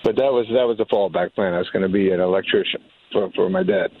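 A man's voice: deep voice, quick pace, slightly rough, narrow, tinny audio. A middle-aged man with a New England accent, telling stories in casual chat and putting on his parents' voices. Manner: animated storyteller, does voices of his parents. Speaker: guest.

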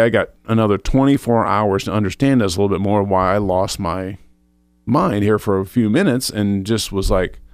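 His voice is on the low side, clear and resonant, captured in a dry recording. As co-host of a faith show, he gives a personal testimony in casual chat, earnestly recalling a spiritual experience, quoting his own thoughts and restarting frequently.

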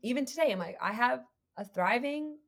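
Animated woman telling a faith story. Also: on the high side, moderate pace. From United States. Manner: animated storytelling, acts out quoted dialogue. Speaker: guest, creative entrepreneur. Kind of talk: faith podcast conversation.

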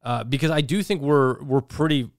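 A man's voice: mid-range voice, normal speed, no room sound, studio quality. A man co-hosting a casual podcast, rambling and joking with lots of fillers. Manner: rambling, filler-heavy, jokey. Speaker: podcast co-host.

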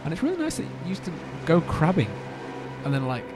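A man's voice: a little high, fast talker, music in the background. A man hosting a podcast, reading a spooky story aloud with joking asides. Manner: animated, joking asides between narration. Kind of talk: casual storytelling read-aloud.

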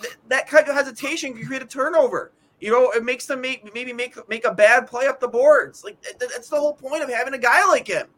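A man with a high, bright voice co-hosts a casual hockey podcast. He rambles and vents in exasperation, tripping over stammered restarts as he goes. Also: brisk, few pauses. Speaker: podcast co-host. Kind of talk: casual sports talk.

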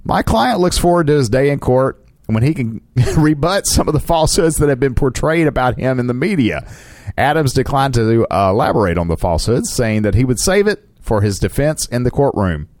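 A male radio co-host reading odd headlines and often tripping over words. His mid-pitched voice has a lively lilt, recorded dry and close. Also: a little fast, dry recording. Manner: stumbling, chuckling reader. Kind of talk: news headline reading with banter.

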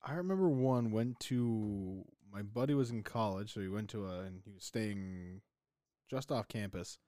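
A man co-hosting a podcast, telling a story with teasing humor and halting fillers. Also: on the low side, warm tone, no echo, studio quality. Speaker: podcast co-host. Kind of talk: casual storytelling.

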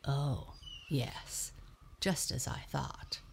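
Woman doing a calm low lion doctor, whispery and very slow. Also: creaky, exaggerated voice. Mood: reassuring. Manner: hushed, reassuring. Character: calm wise old male lion doctor. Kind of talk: bedtime storybook reading.

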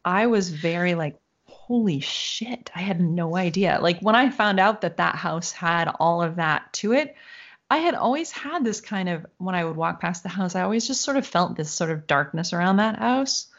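In casual conversation, a woman with a lowish voice tells a long personal story at a moderate pace. She's animated, laughing now and then and acting out the voices of people she quotes. The audio has a dull, lo-fi quality.

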